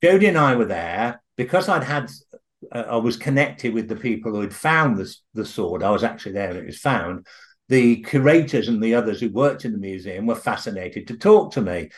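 An older man, a guest author telling a story in an interview, halting at times with restarts, then eager and animated. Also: fairly low pitch.

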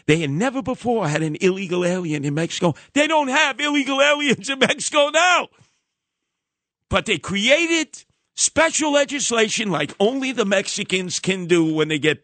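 Bombastic New radio host. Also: male voice, fairly bright tone, dry recording. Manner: bombastic, theatrical, acts out quoted voices with big pitch jumps. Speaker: radio talk show host. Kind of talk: animated radio storytelling.

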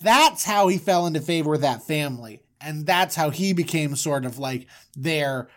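A podcast host retelling a story in a comic, animated way, with jokey asides to co-hosts. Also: medium pitch, normal speed.

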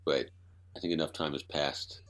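A man's voice: a bass voice, flat delivery, normal speed, a bit bright. A man co-hosting a casual podcast, talking in a blunt, wry way. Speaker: podcast co-host.

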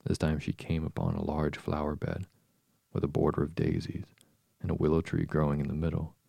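A man slowly reading a story aloud to lull listeners to sleep. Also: rumbling low, creaky, breathy edge, no room sound, clean studio sound. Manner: calm, unhurried. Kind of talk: slow bedtime reading.

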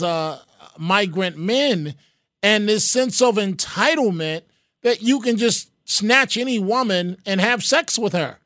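A man's voice: high-pitched, expressive, takes it slowly, fairly bright tone, dry recording, clean studio sound. A man hosting a call-in radio show, talking frankly and directly to callers by name. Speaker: radio talk show host. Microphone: studio microphone.

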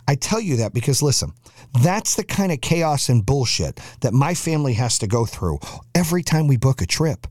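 A man's voice: mid-range voice, darkish tone, no room sound, studio quality. A man hosting a podcast, telling a chaotic family travel story with lots of cursing and acted-out quotes. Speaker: podcast host. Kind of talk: storytelling monologue.

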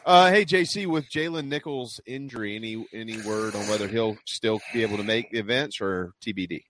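A man's voice: on the low side, brisk, noisy background. A man hosting a sports talk show, teasing his co-hosts wryly and plugging events. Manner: wry, exasperated teasing. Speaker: radio show host.

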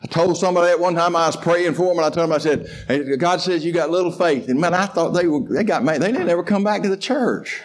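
A male pastor preaching a sermon in a folksy, conversational way, stumbling into restarts and swinging from soft, slow musing to loud, fervent exhortation. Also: a little high.

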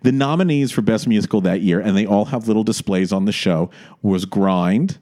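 A man co-hosting a casual chat about musicals, telling a sarcastic anecdote with lively laughs. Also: on the low side, moderate pace. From United States. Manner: animated storyteller, sarcastic, laughs a lot. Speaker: podcast co-host.

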